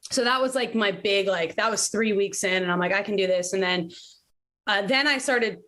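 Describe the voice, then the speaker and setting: A woman's voice: medium pitch, normal speed. A woman in her late thirties talking candidly and animatedly as a podcast guest, swearing now and then. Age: 30s. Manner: candid, animated storytelling, swears, laughs often. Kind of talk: casual conversation.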